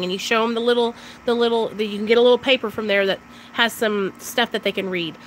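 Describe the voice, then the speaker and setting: A young woman chatting loudly and excitedly on a live stream about her recovery, talking straight to her viewers. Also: on the high side, brisk, a little hiss or hum. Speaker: recovery vlogger. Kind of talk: casual live-stream chat.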